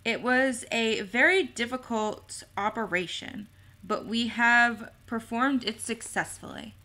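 Woman doing a calm formal elf guy, grave, slow and steady, bright voice. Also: on the high side. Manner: measured, formal, unhurried.

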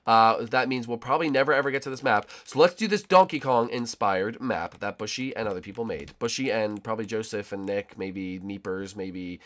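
A young man hosting casual gameplay commentary, joking and bantering with sudden loud outbursts. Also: on the low side, brisk, hardly any pauses. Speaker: gaming channel host.

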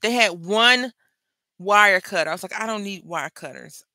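At normal speed and medium pitch, a middle-aged woman chats through her jewelry-making craft video. She's an animated, joking storyteller, recorded dry.

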